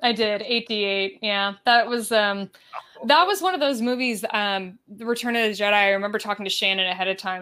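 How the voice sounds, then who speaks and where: A woman's voice: mid-range voice, brisk, bright, forceful tone, clear, resonant tone. A young woman talking as a podcast guest in casual chat, full of likes and ums. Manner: chatty, filler-heavy with frequent likes and ums.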